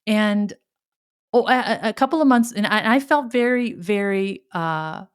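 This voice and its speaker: A woman's voice: medium pitch, unhurried, clear, resonant tone. A middle-aged woman hosting a podcast, telling a personal story in a rambling way, often backtracking and acting out quoted exclamations. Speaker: podcast host.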